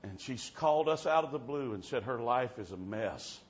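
A man preaching a revival sermon in church, telling stories and swinging from soft-spoken to shouting. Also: mid-range voice, expressive, moderate pace. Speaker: traveling preacher. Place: church service. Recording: dull muffled sound with faint background hiss.

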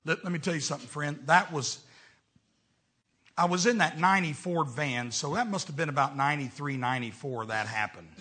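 A middle-aged man, preaching a storytelling sermon as a traveling evangelist, swinging between shouts and hushed tones. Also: on the high side, a little fast.

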